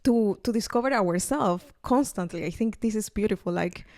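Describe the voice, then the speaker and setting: A woman hosts a podcast conversation, affirming her guest and moving on to questions. Her voice has a middle pitch for a woman. It is recorded dry, with no room sound around it. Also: normal speed, no room sound. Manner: warmly affirming, asks questions. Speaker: podcast host.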